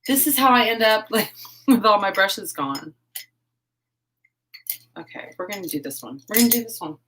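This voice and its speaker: A woman hosting a casual live stream while crafting. She chats, giggles and thinks out loud. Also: medium pitch, moderate pace, background noise. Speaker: host of a horse-themed channel.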